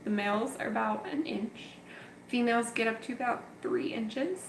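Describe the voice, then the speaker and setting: On a laid-back livestream from her home fish room, a betta fish breeder and channel host wanders with a handheld camera, cooing and chatting lovingly to her fish. Her voice is on the high side and creaky, at normal speed, with slight background noise.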